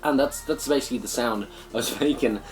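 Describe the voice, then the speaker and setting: A man's voice: mid-range voice, brisk. A young man with an Irish accent hosting a casual vlog, rambling with lots of "sort of" and frequent swearing. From Ireland. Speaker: gaming channel host.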